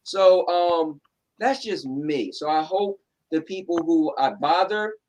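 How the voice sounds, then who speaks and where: A man with a New Jersey accent talks straight at the camera from his home. His voice sits high for a man, and he speaks bluntly and sarcastically in casual chat. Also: slow pace, a little mellow, rough recording. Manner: blunt, sarcastic, repeats "right?". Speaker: show host.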